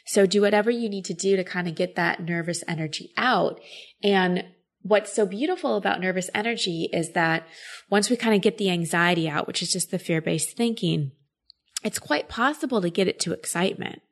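Low gravelly woman coaching. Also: a little fast. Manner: explanatory, thoughtful, frequent filler words. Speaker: coach giving advice. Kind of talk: casual advice chat.

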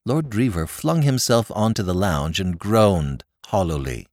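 A man narrating classic fiction in a wry, expressive storytelling manner. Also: low-pitched, normal speed, hardly any pauses, dry recording, clean studio sound. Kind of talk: audiobook reading of classic fiction.

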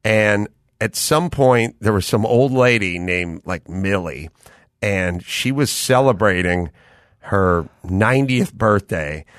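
A man co-hosting a studio podcast, telling stories in an animated way, laughing and acting out quotes. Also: lowish voice, slow, dry recording. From United States. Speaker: podcast co-host. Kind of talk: casual storytelling chat.

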